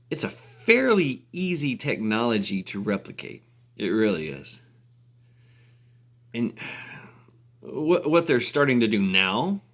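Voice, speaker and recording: A man's voice: fairly low pitch, fairly bright tone. A man ranting casually on camera, rambling with fillers, restarts and laughter. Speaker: vlogger. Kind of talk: casual rant.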